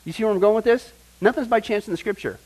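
Man, high voice, Bible teacher, chatty and emphatic, keeps checking the room. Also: fast talker, rough recording. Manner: conversational, checks in often with "right?" and "okay?"; emphatic, builds to excited points.

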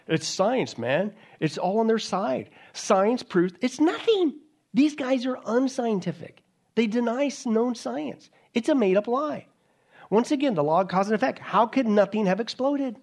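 A man's voice: sits high, darkish tone. A man preaching a sermon to an audience, sarcastic and mocking, with many rhetorical questions.

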